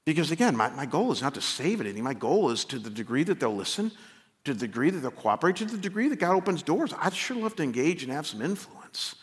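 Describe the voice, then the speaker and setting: A man preaching a sermon as pastor, impassioned, climbing to near-shouted peaks and then dropping low and quiet. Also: very animated, fast. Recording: long reverb of a large hall.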